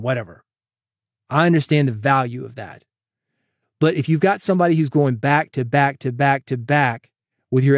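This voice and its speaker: A man's voice: medium pitch, darkish tone, dry recording, studio quality. A man hosting his own podcast, talking solo to listeners in a conversational, emphatic way that leans on repetition. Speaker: podcast host.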